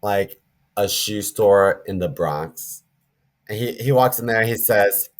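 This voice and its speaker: A man's voice: lowish voice, a little slow. A man co-hosting a podcast in casual chat, acting out mock scenes in put-on voices. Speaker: podcast co-host.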